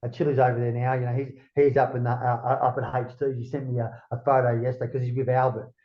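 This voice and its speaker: A man's voice: mid-range voice, level tone, fast talker, dull audio. An Australian man, a guest in a casual interview, rambling and swearing freely, with "mate" in nearly every line.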